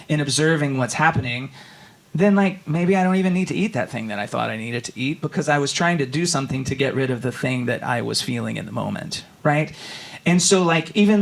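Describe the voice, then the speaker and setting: A man's voice: fairly high pitch, gravelly, fairly bright tone. A man giving a casual, conversational sermon as a guest speaker in a church, talking loosely with many fillers and restarts and voicing his inner thoughts. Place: church sanctuary.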